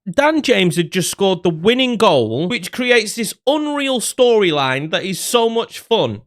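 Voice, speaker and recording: A young man, commentating his own football video game and ranting in frustration. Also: a little high. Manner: animated, exasperated ranting. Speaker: gaming YouTuber. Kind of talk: gameplay commentary.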